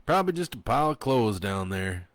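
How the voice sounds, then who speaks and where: A man's voice: lowish voice, very animated, fairly quick, no room sound. A man voicing a callous, dismissive small-town sheriff. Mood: gruff dismissive.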